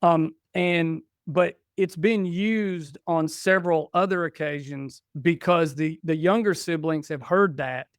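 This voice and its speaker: A man's voice: on the high side, measured pace, few pauses, smooth, dry recording, studio quality. A man in his forties, a podcast guest, telling stories in casual chat and acting out the dialogue. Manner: animated, acts out dialogue in stories.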